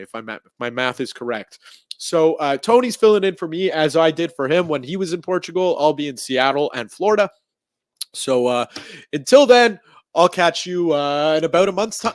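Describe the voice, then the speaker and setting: Higher-voiced Canadian host, dry close mic. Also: male voice, expressive, moderate pace, dry recording. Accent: Canadian English. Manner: friendly, upbeat reactions and sign-off. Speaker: podcast host. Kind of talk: casual sports podcast chat.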